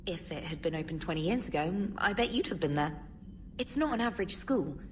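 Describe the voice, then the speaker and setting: An actress plays a brisk starship comms officer briefing her commander. The game audio sounds distant from the mic with a faint hiss. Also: lowish voice, animated, natural voice. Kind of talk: video game dialogue.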